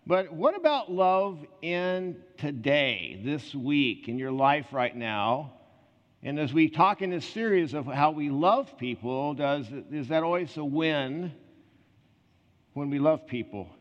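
Earnest preacher in an echoing hall. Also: male voice, a little high, lively intonation. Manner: earnest, storytelling, quick asides and restarts. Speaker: pastor. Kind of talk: conversational sermon with personal stories. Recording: reverberant hall, slightly muffled.

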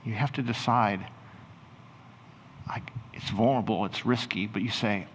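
A man preaching as a pastor, leading the congregation through a guided imagination exercise and slowing into hushed storytelling. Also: on the low side, slight background noise. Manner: slows and softens into hushed storytelling. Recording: roomy hall reverb, faint ambience.

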